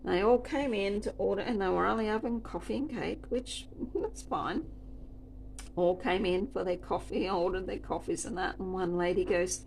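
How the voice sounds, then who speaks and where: Woman server rambling through a story, wry and chatty, bit of gravel in her voice, faint hum behind. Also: lowish voice, a little slow. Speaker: restaurant server. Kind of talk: casual storytelling chat.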